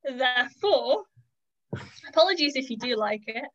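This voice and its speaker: A woman's voice: high voice, lively intonation, moderate pace, fairly bright tone. A woman as a podcast guest, chatting casually and bluntly, full of "like" and "um". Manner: blunt and opinionated, lots of "like" and "um". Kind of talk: casual chat. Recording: dull lo-fi podcast audio.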